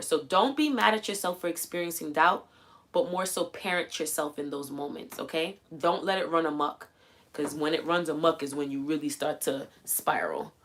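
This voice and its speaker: A woman hosting a livestream, coaching viewers in a casual, animated way and acting out quoted voices as she goes. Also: on the low side, normal speed. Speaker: livestream host. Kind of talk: casual motivational livestream talk.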